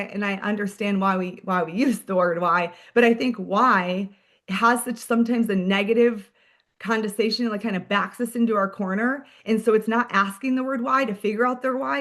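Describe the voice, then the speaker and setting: A sales director with a medium-pitched voice leads a team meeting, delivering an energetic, chatty motivational talk packed with "like" and "friends."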